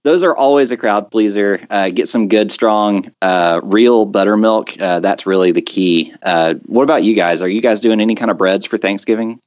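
A man's voice: fairly low pitch, normal speed, few pauses, darkish tone, no room sound, lo-fi sound. A man co-hosting a casual food podcast, chatty and laid-back, telling stories with lots of fillers. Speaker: podcast co-host. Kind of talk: casual chat.

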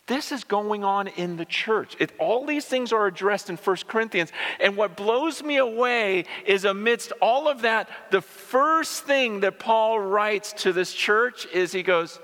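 A male pastor delivers a sermon at a moderate pace in a high, bright, forceful voice. Animated, he stumbles over repeated words and slips into the voices of the people he quotes. The sound carries the long reverb of a large church hall.

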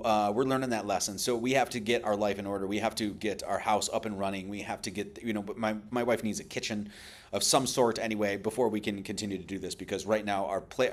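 A man with a somewhat low voice closes out an online religious service. He talks casually and rambles, reading off thank-yous and announcements in a loose, chatty way. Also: a bit bright.

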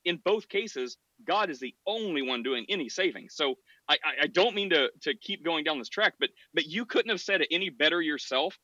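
A man's voice: fairly high pitch, lively intonation, brisk, pushed and bright, no echo, muffled recording. A man hosting a podcast, arguing in a casual debate with frequent restarts and short laughs. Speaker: podcast host.

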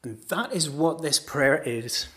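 A middle-aged man, a pastor preaching a sermon with passionate storytelling, moving from loud cries to hushed words. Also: a little high, animated, a little slow.

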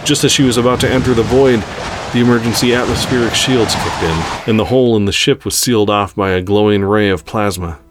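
A man narrates a space adventure story at an even, unhurried pace. His voice sits very low in pitch. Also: background noise.

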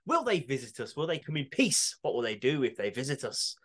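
A man's voice: medium pitch, big pitch swings, brisk, fairly bright tone. Joking man reading listener answers. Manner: laughing, crude jokey banter. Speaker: podcast co-host.

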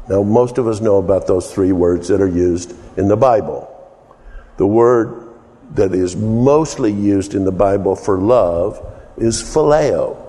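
A man teaches from the pulpit at an unhurried pace, his low, mellow voice trailing off into the long reverb of a church hall. He talks in a folksy way, jokes with his listeners, and often restarts by repeating his words. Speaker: preacher. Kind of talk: sermon teaching.

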